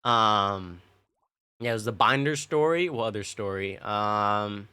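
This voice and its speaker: Animated, swearing young male streamer. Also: lowish voice, a little slow, smooth. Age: young adult. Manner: rambling, profane, lots of fillers. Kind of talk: casual storytelling to chat.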